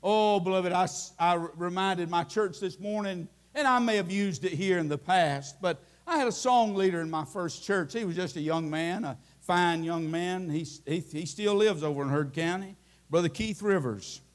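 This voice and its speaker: High-voiced preacher, impassioned. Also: male voice, moderate pace. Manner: impassioned, climbing into shouting at the peaks; folksy storytelling with many restarts. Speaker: Baptist preacher. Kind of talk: sermon. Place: church.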